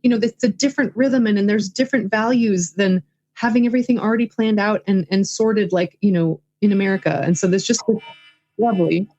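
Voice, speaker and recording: A woman's voice: medium pitch, brisk, darkish tone. A woman guest and filmmaker in a casual interview, talking enthusiastically with many fillers. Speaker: guest, filmmaker and writing coach.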